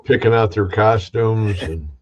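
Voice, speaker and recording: A man casually interviewing a guest over a remote connection, halting and full of restarts. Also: on the low side, crowd noise.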